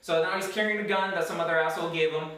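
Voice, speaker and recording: Animated swearing man in an echoey room. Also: fairly high pitch, racing, distant mic. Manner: animated, swears a lot, acts out quotes. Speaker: movie reviewer co-host. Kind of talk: casual profane movie review chat.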